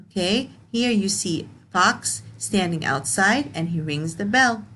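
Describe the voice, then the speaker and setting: A woman teacher reading a picture book aloud to young learners, explaining words slowly and asking questions. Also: medium pitch, animated, pushed and bright, a little hiss or hum. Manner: slow, repeats and explains words, asks questions.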